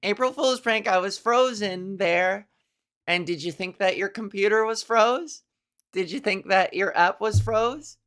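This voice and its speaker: A woman's voice: mid-range voice, measured pace, fairly bright tone. A young woman comedian hosting her own podcast, rambling through a giggly solo monologue. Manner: rambling, giggly, breaks into silly voices.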